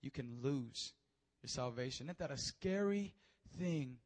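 A man preaching a sermon, telling stories with animated energy and stammered repeats. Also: mid-range voice, a little slow.

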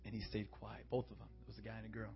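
A young man preaching as a youth pastor, calling for amens and swinging from quiet, intimate talk to shouted declarations. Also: fairly low pitch, completely flat delivery, racing, gravelly. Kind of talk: sermon. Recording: dull, muffled sound with faint music.

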